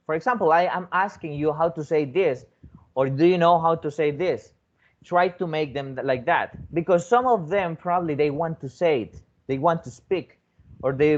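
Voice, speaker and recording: With a slightly high voice, lively intonation, and moderate pace, a man who is a foreign teacher trains teachers through a teaching demonstration talk. He repeats words, makes many restarts, and frequently asks a rising "okay?". The audio is dull.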